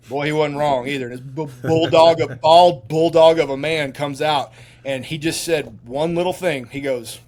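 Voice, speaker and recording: A middle-aged man speaks as a guest in a casual interview, telling stories in a lively, rambling way. His voice sits fairly high for a man, and he keeps breaking up his sentences with fillers and restarts. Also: normal speed. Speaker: guest, military veteran.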